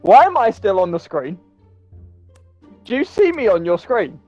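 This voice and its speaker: A man's voice: high voice, very animated, measured pace, darkish tone, muffled recording, soft background music. Crude, teasing man with a slight Australian tinge. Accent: British with a slight Australian tinge. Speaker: gaming friend. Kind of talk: casual gameplay banter.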